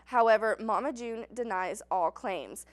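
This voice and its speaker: A woman reading scripted news stories as a student news anchor, in an even, measured delivery. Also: medium pitch.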